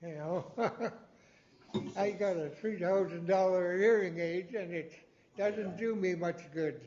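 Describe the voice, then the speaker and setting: An older man leading a language class, patiently repeating words slowly with a chuckle now and then. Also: high-pitched, darkish tone. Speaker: language teacher. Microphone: hearing aid mentioned; plain mic. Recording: dull lo-fi broadcast sound.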